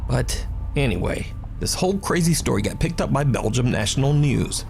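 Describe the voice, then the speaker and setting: A man's voice: medium pitch, vocal fry. Man narrating spooky clips over music. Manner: steady, measured storytelling delivery. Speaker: narrator of a countdown video. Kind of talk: scripted narration.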